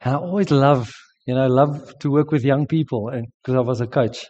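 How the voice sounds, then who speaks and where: A man's voice: mid-range voice, fairly quick, mellow, in a large hall, muffled recording. A South African man in his forties, sick with a sore throat, telling an earnest sermon story with frequent restarts. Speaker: preacher. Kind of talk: sermon testimony.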